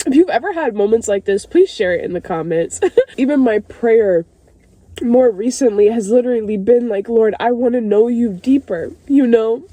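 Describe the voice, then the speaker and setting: A woman's voice: a little high, warm tone, no echo. A young woman in a candid faith vlog, crying at times and rambling with many fillers, talking from her parked car. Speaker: vlogger.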